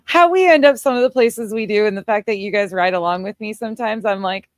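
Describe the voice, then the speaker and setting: A woman's voice: medium pitch, fast, dry recording, studio quality. A woman hosting a casual reaction commentary, blunt and profane, often breaking into laughter. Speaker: commentary channel host.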